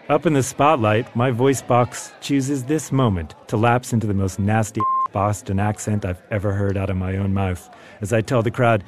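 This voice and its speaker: A man's voice: fairly low pitch, moderate pace, a faint crowd. A man reading aloud from his own memoir in a wry, self-deprecating storytelling manner.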